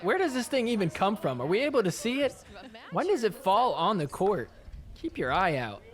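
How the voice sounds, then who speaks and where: A man's voice: high-pitched, big pitch swings, normal speed. A man hosting a podcast, casually recapping sports clips with a sarcastic, chatty manner. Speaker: podcast host.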